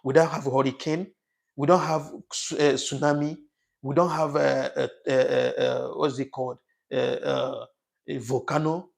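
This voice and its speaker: Gravelly guy doing a livestream, gets emotional, says things twice. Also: medium pitch, little pitch movement, a little slow. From Africa. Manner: emotional, repetitive, restarts phrases. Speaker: livestream host reading viewer comments. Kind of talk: casual livestream talk.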